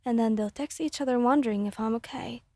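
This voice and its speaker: A woman's voice: fairly high pitch, quick pace, no room sound, clean studio sound, lightly acted. Woman playing a weary young adult. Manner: soft, weary, muttered. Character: tired young adult child of overbearing parents. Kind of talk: whispered role-play.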